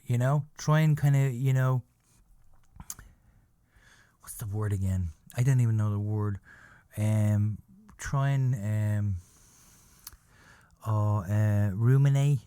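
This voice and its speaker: A man's voice: on the low side, slow pace, long pauses, warm tone, smooth, no echo. Brief: casual male podcaster, rambling and sweary, dry close mic. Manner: rambling, profane, self-deprecating. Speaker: podcast host. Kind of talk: casual storytelling. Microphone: podcast microphone.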